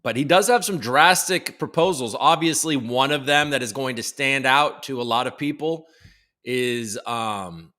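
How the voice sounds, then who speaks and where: A man's voice: mid-range voice, unhurried, pushed and bright. A man hosting a casual live-streamed crypto news show, rambling and jokey, often restarting his sentences and swearing now and then. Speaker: host of a daily crypto news livestream. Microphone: desk microphone.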